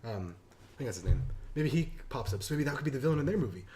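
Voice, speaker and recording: A man's voice: medium pitch, animated, racing, dark tone. A man co-hosting a casual podcast, rambling with many restarts and fillers, talking into a desktop mic at home. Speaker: podcast co-host. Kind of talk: casual chat. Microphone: desktop USB mic.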